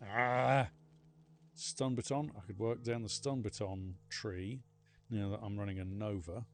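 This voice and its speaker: A man's voice: fairly low pitch, fairly even intonation, unhurried, faint music behind. A man streaming a game live, chatting casually with viewers in a rambling, self-mocking way. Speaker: livestreaming gamer. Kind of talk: casual live gameplay chat.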